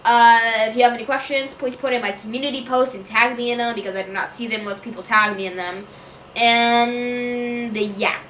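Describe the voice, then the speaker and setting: A woman's voice: on the high side, steady tone, normal speed, a bit bright, roomy sound, a little hiss or hum, low-quality recording. A woman answering viewer questions in a casual chat, rambling, often losing track, correcting herself and laughing.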